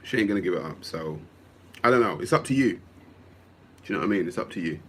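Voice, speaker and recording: A man's voice: sits low, animated, quick pace, husky. A man, hosting a livestream and reading viewer comments aloud in a casual, musing way, often repeating himself.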